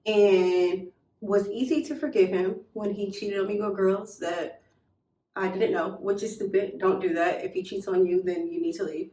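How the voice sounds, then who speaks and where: Blunt, animated woman in a roomy room. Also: medium pitch, moderate pace, far from the mic. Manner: animated, blunt, swears freely, acts out quoted voices. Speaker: storytime vlogger. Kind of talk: casual storytelling. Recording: roomy echo, a little off mic.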